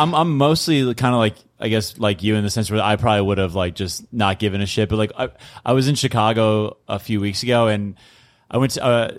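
A man on a comedy podcast telling an anecdote, hesitant and full of restarts. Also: lowish voice. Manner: hesitant, lots of restarts and fillers. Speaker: guest comedian. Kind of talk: casual comedy podcast story.

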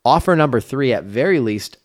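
A real estate coach co-hosting a podcast talks casually about coaching, stressing key points and acting out sample lines of dialogue. His medium-pitched voice is animated and brisk.

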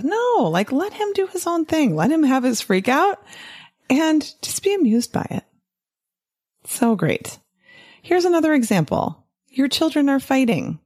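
Animated woman talking to doctors. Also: high-pitched, a little slow, breathy edge. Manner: animated, often tags "right?" and laughs. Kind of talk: casual podcast-style monologue.

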